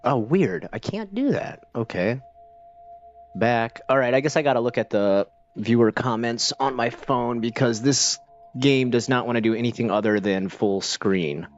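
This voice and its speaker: A man's voice: medium pitch, expressive, normal speed, muffled recording, faint music behind. A man streaming a game, chatting casually and rambling with lots of fillers and restarts. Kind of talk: casual live-stream chat while playing.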